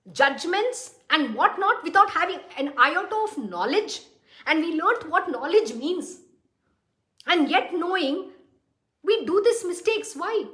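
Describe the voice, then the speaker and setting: A high-pitched woman delivers a devotional discourse, speaking bluntly and firing rhetorical questions at her listeners. Her voice rings in a roomy, echoing space. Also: a bit bright. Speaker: spiritual teacher. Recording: roomy echo.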